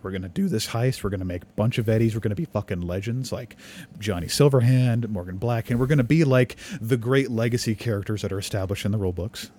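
A man's voice: on the low side, quick pace, dark tone. A man co-hosting a podcast in casual chat, explaining his view at length with restarts and the odd swear. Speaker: podcast co-host.

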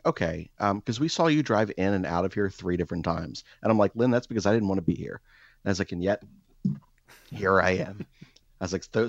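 Low-voiced male storyteller, comic and self-deprecating, quick to act out other people's lines; dull, dry recording. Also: dry recording. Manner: rambling, self-deprecating, jumps into exaggerated quoted voices.

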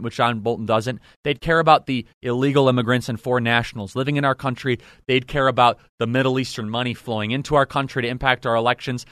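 A man's voice: mid-range voice, fairly bright tone, no room sound. Indignant male political commentator, dry sound. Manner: indignant, sarcastic, rhetorical questions. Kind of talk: opinionated commentary monologue.

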